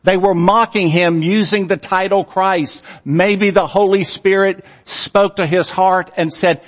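A man preaching a sermon in a slow, earnest manner, letting his phrase endings fall soft and low. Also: steady tone. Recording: long hall reverb.

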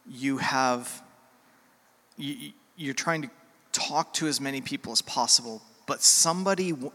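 A middle-aged man preaching a sermon as a pastor, earnest and heartfelt, with pauses and fillers. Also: medium pitch, sharp tone. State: emotional, near tears. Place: church sanctuary. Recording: church hall with long reverb.

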